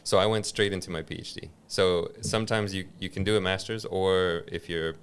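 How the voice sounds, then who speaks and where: A man's voice: low voice, steady tone, a little fast, smooth. A man, a podcast guest, talking in an easygoing way with dry teasing humor. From United States. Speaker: guest, executive coach. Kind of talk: relaxed conversational interview.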